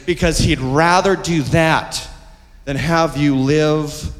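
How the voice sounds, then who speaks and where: A man's voice: a little high, fairly even intonation, slow, soft background music. A man preaching a sermon as pastor, with emphatic, repetitive delivery that calls for the congregation to respond. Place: church sanctuary. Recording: long reverb of a church hall.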